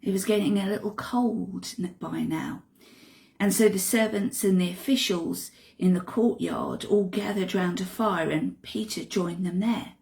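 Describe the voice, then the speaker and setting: Woman telling a bible story slow and expressive, bit of gravel, hushed asides. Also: medium pitch.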